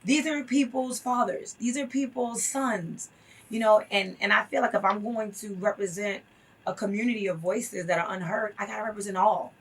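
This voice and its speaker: A woman's voice: mid-range voice, moderate pace, husky, far from the mic. A woman guest in a casual interview, talking emphatically and telling stories with acted-out quotes.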